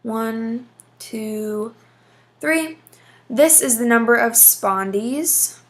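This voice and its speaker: A woman's voice: on the high side, drawn-out words. A woman teaching a lesson, explaining patiently step by step with frequent fillers. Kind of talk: casual classroom explanation.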